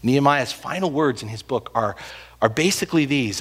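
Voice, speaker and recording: A man preaching a sermon, telling the story with animated swings between loud and hushed delivery. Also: medium pitch, fairly quick, slightly rough. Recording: long hall reverb.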